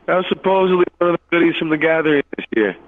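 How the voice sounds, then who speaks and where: A man's voice: fairly high pitch, lively intonation. Blunt male guest over a tinny phone line. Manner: blunt, emphatic, quick asides. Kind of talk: casual profane chat.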